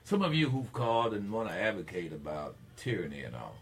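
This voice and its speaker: A man's voice: huge pitch swings, a little fast, slight background noise. An older man from Mississippi, hosting a talk radio show in an emphatic, preachy monologue. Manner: emphatic, preachy, swings between low asides and loud declarations.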